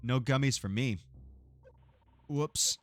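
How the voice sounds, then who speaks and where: A man's voice: mid-range voice, slow pace. A man from Texas chatting casually and cursing while streaming a game, laughing often. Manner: laid-back, profane, laughs often, jokey asides. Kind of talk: casual live gameplay chat.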